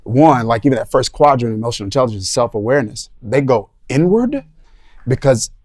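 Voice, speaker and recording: A man's voice: mid-range voice, lively intonation, fairly quick, a little mellow. A man discussing ideas on a podcast panel, thoughtful and searching for his words.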